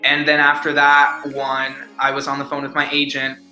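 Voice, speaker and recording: Young man, bright forceful voice, rambling storyteller, echoey room, faint music behind. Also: medium pitch, completely flat delivery, normal speed. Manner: rambling, filler-heavy "like", upbeat. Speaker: actor guest. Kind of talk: casual interview storytelling.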